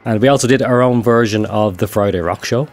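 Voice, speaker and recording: A man's voice: lowish voice, quick pace. A man co-hosting a podcast about albums, mixing casual chat with dramatic read-out track reviews. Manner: animated, reads out dramatic track descriptions. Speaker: podcast co-host.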